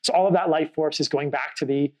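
Man, podcast host, earnest, thoughtful, rambling storyteller, higher-pitched. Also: quick pace, low-quality recording. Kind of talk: casual conversational podcast.

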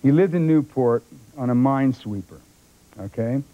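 A man's voice: medium pitch, normal speed. An older man, a film actor, telling anecdotes as a talk show guest and acting out the voices of others. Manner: animated storyteller who acts out other people's voices. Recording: dull lo-fi broadcast tape.

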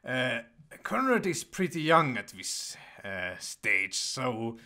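Slow, halting young man playing games. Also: mid-range voice, big pitch swings, sharp tone. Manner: hesitant, many fillers, slow. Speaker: let's play gamer. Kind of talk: casual game commentary.

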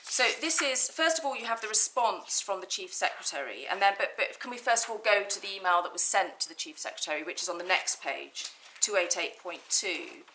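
A woman's voice: mid-range voice, lively intonation, brisk, hardly any pauses, sharp tone, a little hiss or hum, low-quality recording. A woman barrister making methodical legal submissions in an appeal courtroom, reading from documents with some restarts.

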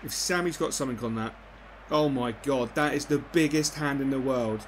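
Excitable gamer man, cursing. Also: mid-range voice, moderate pace, a little hiss or hum. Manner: excitable, swears and yells at the game. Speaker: gaming YouTuber. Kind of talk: live football game commentary.

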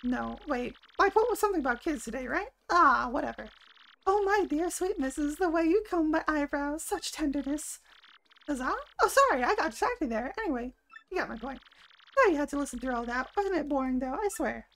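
A woman's voice: high voice, expressive, a little fast, fairly bright tone. A woman reading as a rambling old turtle man. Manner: reads the lines aloud in her own plain voice.

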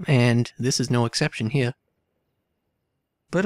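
A man's voice: medium pitch, normal speed, a little mellow, dry recording. A man hosting a let's play, chatting casually and thinking aloud about his choices. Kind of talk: casual game commentary.

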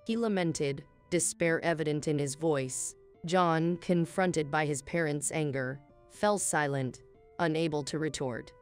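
Woman w a low voice reading out a revenge story, calm and cool, soft music underneath. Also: unhurried, clean tone. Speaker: narrator. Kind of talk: scripted first-person story narration. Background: faint music.

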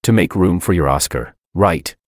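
A man's voice: moderate pace, no room sound, studio quality. A man reading the lines of an accusing, guilt-tripping mother in a storybook narration. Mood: accusing, pleading. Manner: shrill, accusing.

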